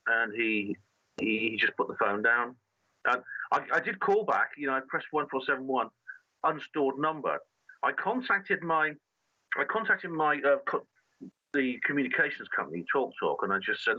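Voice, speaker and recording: A man's voice: mid-range voice, animated, no echo. Earnest man with a dull lo-fi sound. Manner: earnest, halting with frequent restarts. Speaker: guest. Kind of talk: conversational storytelling.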